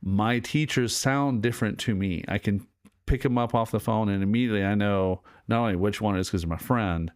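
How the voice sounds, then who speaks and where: Brief middle-aged male host, low voice, dry close sound, casual rambling commentary. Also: brisk, no room sound. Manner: rambling, digressive, with many fillers and restarts.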